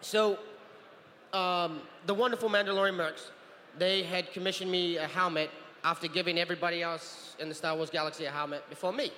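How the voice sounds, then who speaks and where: A man in his thirties from New Zealand, telling animated stories as a guest on a convention panel and acting out other people's voices. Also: high-pitched, brisk. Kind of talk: anecdotal storytelling. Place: large convention hall. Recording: convention hall with reverb and faint noise.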